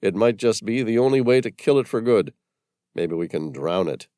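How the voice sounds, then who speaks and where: A hunted man who talks in grim, emphatic bursts, sure of his doom, as a male audiobook narrator plays him. His voice rises a little above the narrator's own, lively and pressing, in a dry close recording. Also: lowish voice, moderate pace, no echo, voice pushed up, natural voice.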